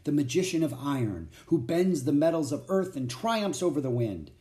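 An eager young girl bursts with excitement as she rushes from one adventure to the next, a man voicing her in a storybook reading. Her voice sits high and swings lively. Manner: excited, quick to exclaim.

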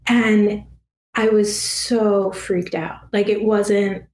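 A woman guest telling a personal story in a soft, emotional way, halting and full of fillers and restarts. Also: medium pitch, little pitch movement, reverberant, a little hiss or hum. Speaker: guest, past life regression therapist.

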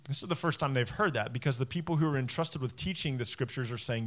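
A man preaching a sermon as pastor, talking in a conversational way, acting out quotes with lively swings and restarting his phrases. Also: mid-range voice, a little fast, few pauses.

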